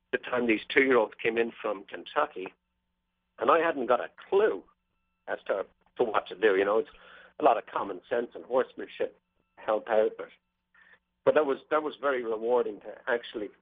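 This husky, fairly low-pitched man is a racehorse trainer appearing as an interview guest and spinning wry anecdotes. He comes through a tinny telephone line, and the recording is dry.

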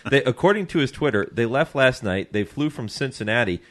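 A man hosting a radio talk show, easygoing and chatty and quick to laugh. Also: medium pitch, animated, a bit bright.

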